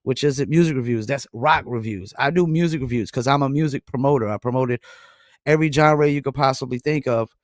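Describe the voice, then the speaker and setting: A man's voice: medium pitch, a little fast, dry recording, studio quality. A man with a Southern US accent hosting a music review livestream, talking casually with a lot of fillers. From North Carolina. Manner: laid-back, rambling, frequent um and I mean. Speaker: music review show host.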